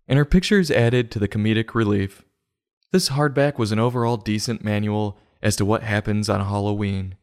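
A man hosting a comic book review show, delivering mock-serious, sarcastic commentary in a deadpan way. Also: lowish voice. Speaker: host.

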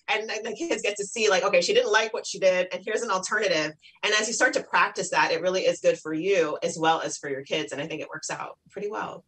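Lively woman guest on parenting. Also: fairly low pitch, fast, hardly any pauses, breathy edge, low-quality recording. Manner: lively, warm, plugs her online academy, acts out quotes. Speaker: guest expert on children's self-esteem. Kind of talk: casual interview talk.

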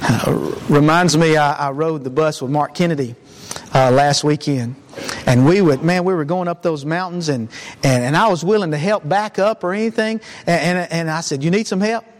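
A man's voice: fairly high pitch, moderate pace, a little hiss or hum. A man preaching a sermon in a church, in an earnest, conversational way with frequent restarts.

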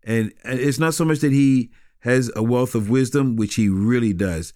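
A pastor, a man, talks through his memories in a relaxed interview. His speech halts and circles back on itself, with frequent laughter. The sound is dry and close, with no room echo. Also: medium pitch. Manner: halting, repeats words, laughs often. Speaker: pastor and guest. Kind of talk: casual conversational interview.

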